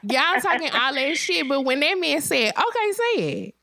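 A woman's voice: moderate pace, no room sound, studio quality. A woman co-hosting a casual chat with a friend over a phone call, telling a story and acting out what other people said. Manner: animated storyteller, acts out quotes with big pitch jumps. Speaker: podcast co-host.

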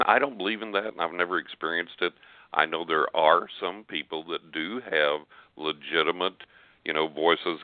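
A man's voice: sits low, expressive, brisk, no room sound. An older man telling a story as a guest on a call-in radio show, earnest and rambling, with frequent restarts. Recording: tinny phone line.

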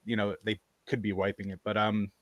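A podcast host tells a story in casual chat, animated and acting out other people's quoted voices. His voice is lowish and a little fast, with no room sound.

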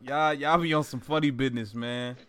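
A man's voice: medium pitch, fairly even intonation, a little fast, fairly bright tone, clear, resonant tone, dry recording. A man joking and laughing in a casual group chat. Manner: joking, laughs mid-sentence.

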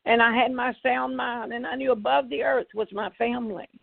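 A woman's voice: on the high side, fairly even intonation, fairly quick, creaky, no echo. An older evangelist woman, giving an emphatic testimony and repeating phrases for effect. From Tennessee, US. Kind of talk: testimony preaching. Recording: tinny phone-like audio.

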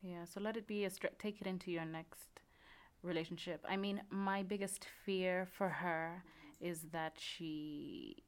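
A woman co-hosting a podcast, giving thoughtful advice in a casual chat with many soft agreements. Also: on the low side, steady tone, a little slow. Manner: reflective advice-giving, frequent mm-hmm backchannels. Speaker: podcast co-host.

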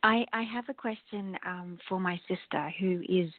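A woman from the UK with a British accent, calling in to a radio show to ask an earnest, polite question, halting now and then. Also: lowish voice, no echo. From United Kingdom. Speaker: caller. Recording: narrow phone-line sound, dry.

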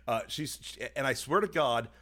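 Young podcast dude rambling through a story, swears a lot, does little voices for people. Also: male voice, medium pitch, normal speed. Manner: profane, animated, acts out dialogue in voices. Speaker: podcast co-host. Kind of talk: casual storytelling chat.

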